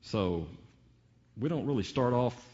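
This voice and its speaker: A man preaching a sermon in a teacherly way, slowing down on key words and asking rhetorical questions. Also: mid-range voice, lively intonation, darkish tone, dull audio. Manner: teacherly, varied emphasis with drawn-out pauses and rhetorical questions.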